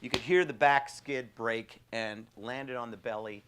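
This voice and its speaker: A man's voice: medium pitch, a little slow, background noise. A man, telling a story casually with many fillers and laughs. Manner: animated anecdote with frequent fillers and laughs. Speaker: trauma surgeon guest.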